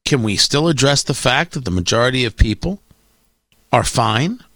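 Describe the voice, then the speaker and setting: A man's voice: fairly high pitch, bright, forceful tone, dry recording. A middle-aged man hosting a talk radio show, delivering an opinionated monologue in a sarcastic, combative way.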